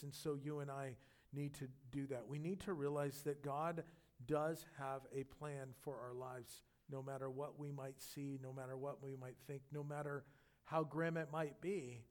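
A man preaching a sermon, retelling scripture with animated storytelling that swings between loud emphasis and quiet intensity. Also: mid-range voice. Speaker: pastor.

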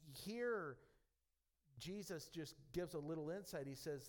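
A man's voice: a little high, animated, a little slow. A man preaching a sermon as pastor, earnest and conversational, with frequent fillers and restarts.

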